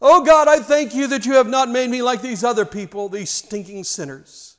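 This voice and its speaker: Preacher guy doing a smug showy holy man praying loud and high, all full of himself. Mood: smug boasting. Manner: smug, showy, drawn-out boasting. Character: pompous self-righteous man praying aloud.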